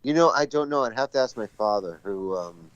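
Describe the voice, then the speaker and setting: A man's voice: mid-range voice, animated, a little fast, clean tone, no room sound, muffled recording. A man, a schoolteacher calling in as a guest, chatting casually, rambling and poking fun at himself. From Boston area. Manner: rambling, self-mocking, laughing at his own stories. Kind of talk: casual chat. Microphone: phone call.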